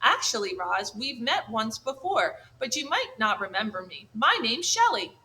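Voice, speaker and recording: A woman's voice: on the high side, very animated, moderate pace, pushed and bright, heavily acted. A woman voicing a friendly female otter with a chatty, cheerful way of talking.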